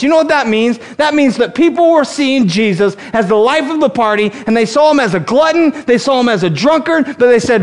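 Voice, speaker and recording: A married man delivers a sermon in a strikingly high voice for a man. He is humorous and animated, slipping into quick acted-out quotes as he teaches. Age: adult, married. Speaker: pastor.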